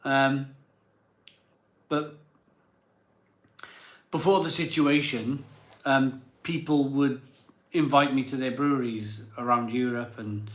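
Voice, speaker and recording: A man's voice: medium pitch, fairly even intonation, takes it slowly, pauses often, echoey room. A slightly drunk man, hosting a live beer show in rambling casual chat. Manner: rambling and self-doubting, many fillers and restarts. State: a bit drunk.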